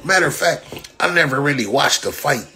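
A man's voice: a little high, expressive, moderate pace, bright, forceful tone, slight background noise. A man, a boxer on a livestream, ranting in profane trash talk full of repeated slang fillers. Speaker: boxer livestreaming after a fight. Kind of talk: casual livestream rant.

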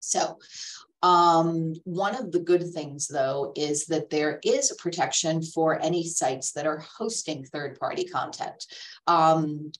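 A woman's voice: low-pitched, slow pace, distant mic, low-quality recording. A woman giving a webinar talk on art law, her voice worn and fading after illness, explaining with frequent ums. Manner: explanatory, steady lecturing with many ums. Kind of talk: webinar presentation.

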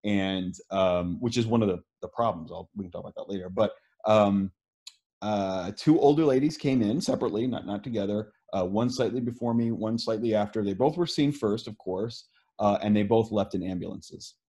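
A man's voice: on the low side, fairly quick, dark tone. A man, speaking as an interviewed scientist, explaining earnestly with many fillers and restarts. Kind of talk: video call interview.

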